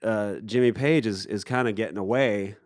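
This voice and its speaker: A man from Appalachia, a musician telling a story in a casual interview, relaxed and full of fillers. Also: lowish voice, moderate pace, no echo, studio quality. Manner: relaxed anecdotal, with fillers and acted-out quotes. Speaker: musician guest. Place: festival recording booth.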